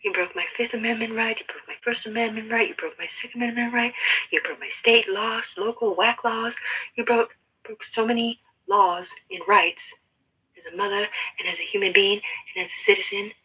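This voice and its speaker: A woman's voice: a little high, steady tone, normal speed, bright, forceful tone, slightly rough, rough recording. A woman talking to camera in a rambling, mostly whispered monologue that keeps repeating itself. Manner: repetitive, insistent.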